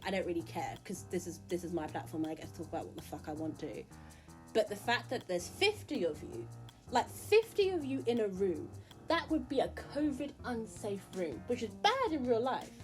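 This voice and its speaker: Blunt, candid British woman vlogging. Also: fairly low pitch. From England. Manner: candid, blunt, earnest, swears freely. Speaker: musician and YouTuber. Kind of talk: casual monologue to camera.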